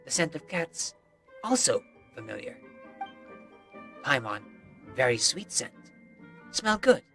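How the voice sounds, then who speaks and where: Woman voicing a simple wolf-boy for a game; broken phrases, unhurried. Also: a bass voice, sing-song, fairly bright tone, soft background music, heavily acted. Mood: earnest. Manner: broken short phrases, sniffing out scents. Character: wild young wolf-raised man, gentle and simple. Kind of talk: reading game dialogue aloud.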